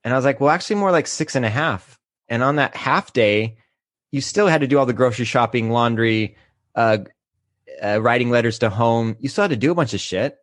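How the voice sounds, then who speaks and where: A man's voice: medium pitch, lively intonation, no echo. Candid man, dry close sound. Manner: candid, emotional, halting when moved. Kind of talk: casual podcast chat.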